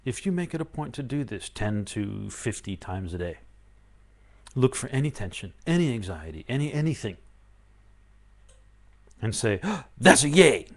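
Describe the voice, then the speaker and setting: A man giving a live-streamed spiritual talk, animated and playful, often acting out excited inner voices. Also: fairly low pitch, moderate pace, pauses often. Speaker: spiritual teacher.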